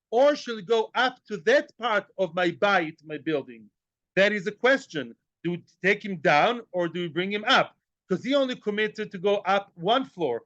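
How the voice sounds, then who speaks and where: High-pitched and a bit bright, a man's voice comes through a dry, lo-fi recording. He's a Talmud teacher who jokes while he teaches, asks rhetorical questions, repeats himself, and uses Hebrew and Aramaic terms.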